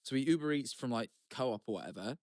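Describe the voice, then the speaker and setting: A man's voice: mid-range voice, lively intonation, fast talker, darkish tone, dry recording, clean studio sound. A man co-hosting a podcast, telling a story in casual chat, swearing freely with rambling asides and restarts. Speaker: podcast co-host.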